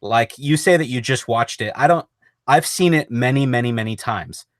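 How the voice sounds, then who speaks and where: A man's voice: medium pitch, normal speed, no room sound, clean studio sound. A man on a podcast arguing casually and skeptically about a horror film scene. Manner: skeptical, argumentative, swears casually. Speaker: podcast co-host.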